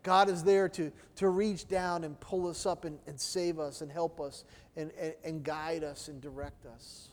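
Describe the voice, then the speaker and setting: A man's voice: a little high, steady tone, measured pace. A middle-aged man preaching a sermon in a conversational style, often checking in with his listeners with "right?". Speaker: pastor. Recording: long hall reverb.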